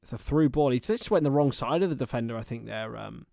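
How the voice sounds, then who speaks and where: A young man calls football over a livestream in a casual watchalong style, flitting between player names and loose, chatty tangents. His voice sits at an ordinary middle pitch. The sound is close and dry, with no room around it. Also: fast talker, creaky, mellow, no echo. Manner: chatty, rambling asides between play-by-play. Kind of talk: casual watchalong match commentary.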